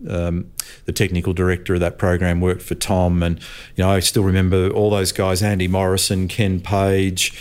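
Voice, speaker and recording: Here the older Australian commentator's voice sits low and monotone, a little mellow and clean, at normal speed. As an interview guest he tells racing stories chattily, laughing and imitating voices as he goes.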